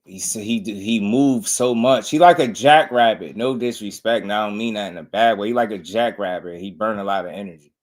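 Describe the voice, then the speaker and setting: A man's voice: on the low side, fairly quick. Laid-back man hosting boxing talk. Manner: laid-back slangy, laughs often. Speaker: boxing show host. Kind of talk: casual commentary.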